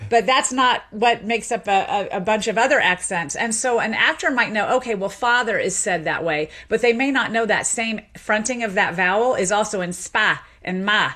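A woman's voice: mid-range voice, normal speed, hardly any pauses, bright, forceful tone. A woman from the American South, a linguist guest in a radio interview, explaining in an articulate way and laughing easily.

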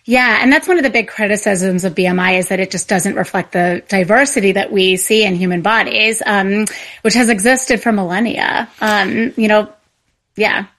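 A woman's voice: medium pitch, moderate pace, fairly bright tone. A woman speaking as a family physician guest on a radio interview. She talks in a middle register and explains step by step, with frequent "um" fillers between her points.

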